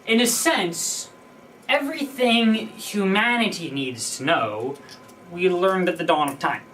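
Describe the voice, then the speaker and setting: A man's voice: high-pitched, animated, unhurried, pushed and bright. Rambling young man, slightly distant mic. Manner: rambling, thinking aloud with many fillers and restarts. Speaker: vlogger. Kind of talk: unscripted personal monologue. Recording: voice a bit distant from the mic, faint background noise.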